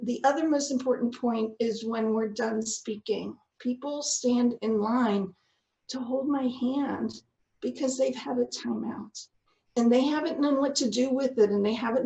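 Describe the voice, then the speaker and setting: A woman's voice: fairly high pitch, creaky, darkish tone, roomy sound, rough recording. A woman sharing a personal faith testimony in an earnest, heartfelt storytelling manner. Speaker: guest speaker.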